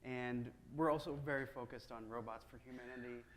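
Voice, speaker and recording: A man who is a design lead speaks on a panel in a steady, slightly hesitant way. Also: mid-range voice, fairly quick, slight background noise. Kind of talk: panel talk.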